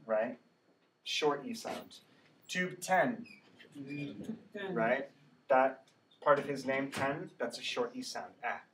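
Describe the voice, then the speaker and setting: Taking his time, this male English teacher has a mid-range, fairly bright voice, with a little hiss or hum on the track. He runs a pronunciation drill, patiently offering words for students to echo and asking "right?" in this distant classroom recording.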